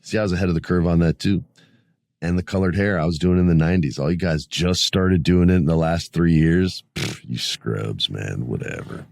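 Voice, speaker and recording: Deep-voiced joking podcast host, late forties. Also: male voice, fairly even intonation, a little fast, darkish tone, no echo. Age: 40s. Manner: rambling, joking, swears freely. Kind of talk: casual solo podcast chat.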